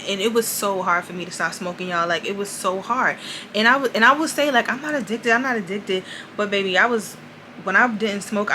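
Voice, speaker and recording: Bright-voiced young woman sharing a testimony. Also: medium pitch, a little hiss or hum, low-quality recording. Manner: chatty, addresses viewers as "y'all", many "like"s. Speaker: vlogger. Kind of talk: casual confessional testimony.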